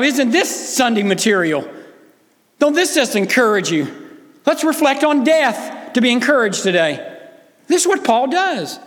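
A man's voice: extremely high pitch, fairly bright tone, big-room sound. A man preaching a sermon as pastor, earnest and emphatic, appealing directly to his listeners.

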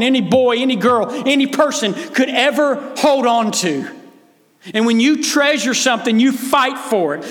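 A man's voice: very high voice, fairly bright tone, long reverb tail. A man preaching a sermon as pastor, earnest and emphatic, appealing directly to his listeners.

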